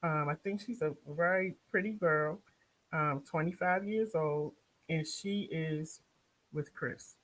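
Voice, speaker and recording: A woman from Baltimore with a Baltimore accent, hosting her own show and recapping a reality series in a casual, animated way, talking back to the people on screen. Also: low voice, slow, rough recording. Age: young adult or middle-aged, has a son.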